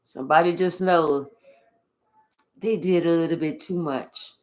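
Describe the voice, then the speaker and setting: A woman giving a casual channeled reading, swearing often and telling playful, animated stories. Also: low voice, measured pace. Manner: profane, playful, animated storytelling. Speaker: spiritual tarot reader.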